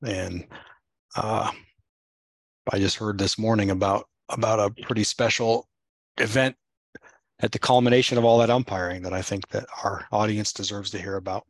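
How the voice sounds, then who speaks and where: A man hosts an interview in a low voice, recorded dry and close. He asks his questions casually and haltingly, often restarting a phrase before he finishes it. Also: fairly even intonation, dry recording. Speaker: interview host.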